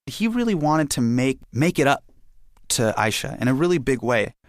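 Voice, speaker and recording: A young adult man telling a personal story in an animated way, acting out the voices of his family. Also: medium pitch, normal speed, no room sound, studio quality.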